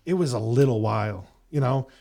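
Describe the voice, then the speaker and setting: A man's voice: mid-range voice, brisk, vocal fry, warm tone. A man hosting a podcast, talking in an earnest, rambling way with many fillers. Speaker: podcast host. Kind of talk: reflective casual conversation.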